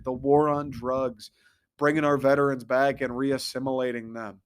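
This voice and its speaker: A man's voice: medium pitch, flat delivery, moderate pace, clean tone. Exasperated man ranting with profanity. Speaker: podcast host. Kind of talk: comedic rant.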